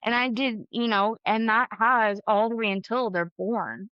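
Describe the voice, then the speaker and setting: A woman's voice: fairly high pitch, fairly even intonation, measured pace, no echo, highs cut off. A woman talking candidly and emotionally as a podcast guest, with fillers and the odd laugh. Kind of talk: casual conversation.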